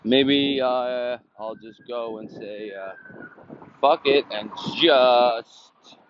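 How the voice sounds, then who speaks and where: Brash profane betting podcast host outdoors. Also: male voice, mid-range voice, extremely slow, dull audio, a little hiss or hum. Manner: brash and profane, recapping picks. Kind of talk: casual sports betting podcast. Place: outdoors, windy, traffic nearby.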